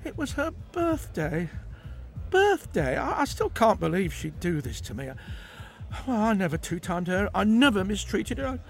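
Young bloke, flustered and stammery, high and loud; narrator puts him on for an audiobook. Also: male voice, very animated, moderate pace, vocal fry, soft background music, exaggerated voice. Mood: upset. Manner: stammering, exclaiming. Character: flustered young British man, easily baffled.

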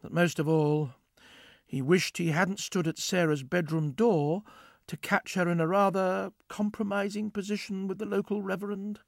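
A man narrating a story aloud, reading in an expressive way. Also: high-pitched, normal speed, creaky, dry recording.

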